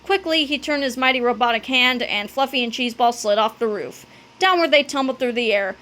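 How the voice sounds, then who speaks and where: A woman reading a children's book aloud, telling the story with animated delivery and dramatic sound words. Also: a little high, fairly quick. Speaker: narrator.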